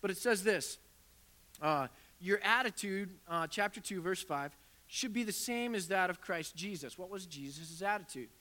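A man's voice: high voice, lively intonation, moderate pace, sharp tone. A man preaching a sermon as a pastor, telling a story conversationally and acting out the back-and-forth dialogue. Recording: reverberant hall.

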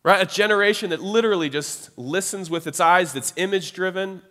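A man preaching a sermon in a casual, conversational way, often checking in with his listeners with quick tag questions. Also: high voice, sharp tone, big-room sound.

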